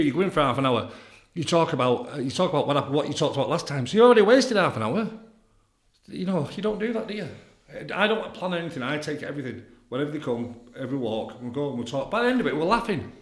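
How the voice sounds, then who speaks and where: A man's voice: fairly high pitch, sing-song, quick pace. A man, an addiction counsellor, talking bluntly and boastfully in a podcast chat, swearing freely. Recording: echoey room.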